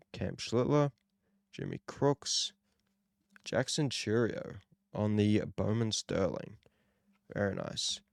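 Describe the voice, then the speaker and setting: Low gravelly young Australian man. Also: dry recording, studio quality. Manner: relaxed, rambling, self-deprecating. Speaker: card-opening channel host. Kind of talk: casual card-opening commentary.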